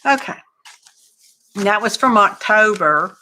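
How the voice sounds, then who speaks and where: A woman's voice: medium pitch, lively intonation, unhurried, bright, forceful tone, a little hiss or hum. A woman hosting a casual live craft stream, chatty and folksy, greeting viewers by name. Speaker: crafting livestream host.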